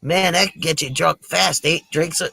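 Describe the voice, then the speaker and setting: A middle-aged woman, hosting a live stream from home and telling corny jokes slowly, laughing and sighing often, a bit tipsy from drinks. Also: deep voice, gravelly, bright, forceful tone, breathy edge, no room sound. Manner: slow, corny jokes with frequent laughs and sighs. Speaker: live stream comedy host. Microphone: computer mic for a live stream.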